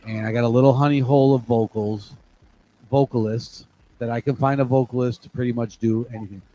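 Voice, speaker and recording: A man's voice: on the low side, darkish tone, slight background noise, poor audio. A middle-aged man, a DJ and remixer, chatting casually and telling stories with a bit of swearing and frequent check-ins. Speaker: DJ and remixer guest. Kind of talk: casual chat.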